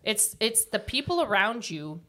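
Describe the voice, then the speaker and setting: A woman's voice: mid-range voice, very animated, unhurried, sharp tone. A woman co-hosting a casual podcast, telling stories and acting out quotes. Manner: chatty storyteller, acts out quotes. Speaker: podcast co-host.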